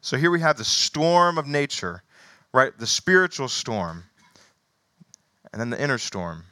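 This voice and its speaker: A man's voice: mid-range voice, big pitch swings, unhurried, sharp tone, no room sound. A man preaching a sermon, reading scripture aloud with rising emphasis and then commenting casually with small laughs.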